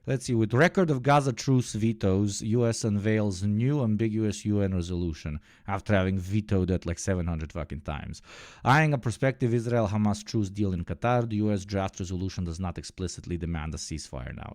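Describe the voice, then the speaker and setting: Man, live-stream commentary, sardonic, swears, low voice, dry close mic. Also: brisk, no room sound. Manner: sardonic, swears, swings from low mutter to loud outbursts. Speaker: political streamer reacting to news.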